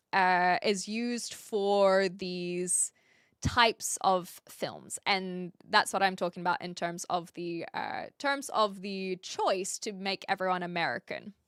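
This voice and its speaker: A woman's voice: medium pitch, bright, forceful tone, clear, resonant tone, dry recording, studio quality. A woman chatting casually on a live stream, reading viewer comments and correcting herself as she goes. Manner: chatty, self-correcting, talks through restarts.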